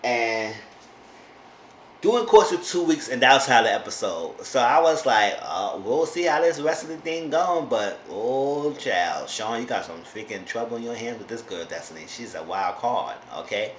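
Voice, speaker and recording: Guy recapping a reality show, animated, keeps talking back to the cast, echoey room, faint hiss. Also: lowish voice, normal speed. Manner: animated, talks back to the characters. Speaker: YouTube reality-TV reviewer. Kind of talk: casual chat recap. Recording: roomy echo, faint background noise.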